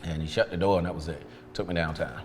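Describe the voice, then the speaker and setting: A fast-talking man with a low voice tells candid stories from his past as an interview guest, acting out dialogue along the way. He owns a detailing business. There's a bit of hiss or hum, plus long reverb over faint background ambience.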